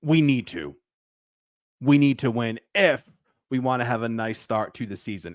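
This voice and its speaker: Animated man hosting sports talk. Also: mid-range voice, normal speed, no room sound, clean studio sound. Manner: animated, emphatic, repeats himself. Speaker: sports show host.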